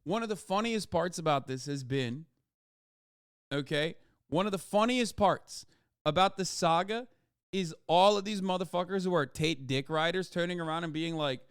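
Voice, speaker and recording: A man's voice: on the high side, moderate pace, clear, resonant tone, no echo, clean studio sound. Sarcastic, profane male streamer ranting. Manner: animated, with frequent restarts and emphatic asides. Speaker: livestreamer. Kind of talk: casual livestream rant to chat.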